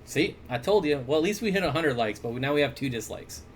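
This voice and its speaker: Man, livestream host, casual chat, relaxed, short answers, faint background hum. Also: fairly high pitch, quick pace. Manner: relaxed, chuckling, answers questions briefly with fillers. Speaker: aquarium store owner and livestream host. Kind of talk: casual livestream chat reading viewer comments. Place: indoors, at his fish room or store. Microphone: desk mic.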